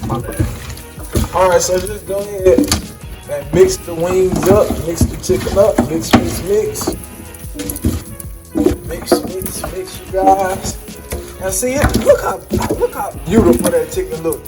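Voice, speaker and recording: A man's voice: sits high, slow pace, long pauses. A man, talking casually to viewers while cooking, joking and apologizing often. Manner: chatty, apologetic, addresses viewers as y'all. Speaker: home cook vlogger. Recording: echoey room with music behind.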